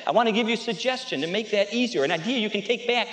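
High-voiced man preaching in an echoey hall. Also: rapid-fire. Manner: emphatic, builds through repetition to loud peaks; storytelling, with laughs and asides to the audience. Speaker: pastor. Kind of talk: sermon. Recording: echoey hall with long reverb.

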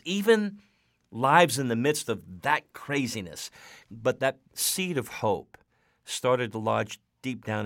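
A man hosting a Christian radio broadcast, guiding his guest with measured, leading questions. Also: mid-range voice, gravelly, a bit bright, no room sound, studio quality. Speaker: radio show host.

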